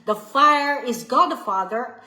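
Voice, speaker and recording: A woman's voice: high voice, a little slow, sharp tone, roomy sound. A woman giving an earnest devotional teaching, often repeating herself and checking in with "okay?" and "you see". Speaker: Bible study teacher.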